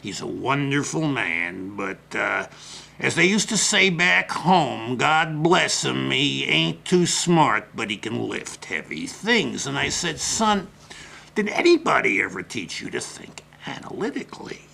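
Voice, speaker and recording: A man playing a boastful older salesman in a comic monologue, ranting in a bombastic, folksy way that swings from mutters to shouts. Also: mid-range voice, very animated, unhurried, vocal fry, exaggerated voice. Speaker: comedic character monologue.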